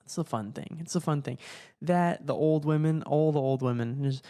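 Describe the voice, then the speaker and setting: A young man talks through a loose comedic podcast monologue, jumping from one thought to the next and cursing along the way. His voice is mellow and relaxed, and he keeps cutting himself off mid-sentence. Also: a little high, normal speed. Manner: rambling, profane, self-interrupting, laughing at his own jokes. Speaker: podcast host.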